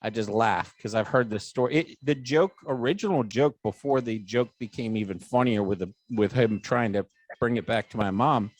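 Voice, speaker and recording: At normal speed and medium pitch, with no echo, a middle-aged podcast host chats through a long, funny story about his family. He acts out the quoted voices with animation and doesn't hold back on swearing.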